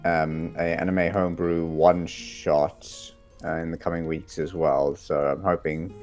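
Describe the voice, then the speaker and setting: A man's voice: low-pitched, flat delivery, unhurried, a little mellow, soft background music. A man chatting casually on a voice call, making dry, wry remarks.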